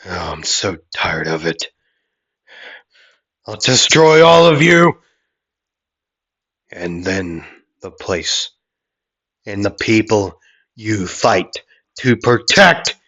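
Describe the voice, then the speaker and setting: A man's voice: low voice, steady tone, slow pace, pushed and bright, slightly rough, pitched below the performer's own voice, heavily acted. A man voicing a bitter, weary male villain who scorns heroes. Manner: bitter, contemptuous. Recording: dull lo-fi audio.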